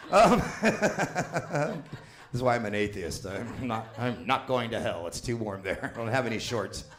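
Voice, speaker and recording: A man's voice: medium pitch, expressive, measured pace, fairly bright tone. A man in his fifties doing a stand-up comedy set, crude and rambling, swearing constantly and laughing at his own jokes. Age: 50s. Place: small comedy venue with live audience.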